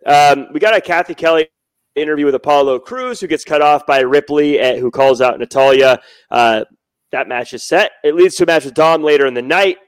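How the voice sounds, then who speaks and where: A man's voice: a little high, clear, resonant tone, dry recording. Male podcast host, dry studio sound, moderating, summarizing matches. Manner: brisk moderator passing questions to panelists. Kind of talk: hosting a podcast, reading listener questions.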